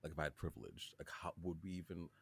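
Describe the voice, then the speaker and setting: A man's voice: very deep voice, lively intonation, quick pace, vocal fry, a little hiss or hum. A young man from Wisconsin, co-hosting a podcast in candid, reflective casual chat, swearing freely. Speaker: podcast co-host.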